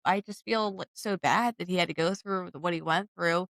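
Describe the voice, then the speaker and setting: A woman's voice: fairly low pitch, normal speed, vocal fry, a bit bright, dry recording. A woman in her thirties co-hosting a casual chat, speaking candidly and reflectively, with many fillers. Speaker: co-host.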